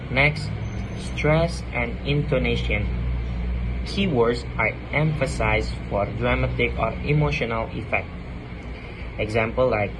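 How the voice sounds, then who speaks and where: A man's voice: mid-range voice, slow. Young male student over traffic noise. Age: young adult. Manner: reading a script, repeating phrases. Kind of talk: read class presentation.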